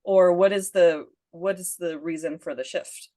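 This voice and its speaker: A woman's voice: fairly low pitch, steady tone, a little slow, warm tone. A woman hosting a coaching podcast, asking questions and chatting with a laugh. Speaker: podcast host and parenting coach. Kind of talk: conversational interview.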